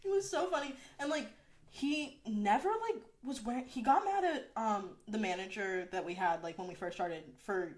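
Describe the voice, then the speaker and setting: A woman's voice: mid-range voice, animated, moderate pace. A young woman hosting a podcast, telling a story in a casual, exasperated way and saying "like" a lot. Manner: chatty, exasperated storytelling with frequent "like". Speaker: podcast host. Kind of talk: casual chat.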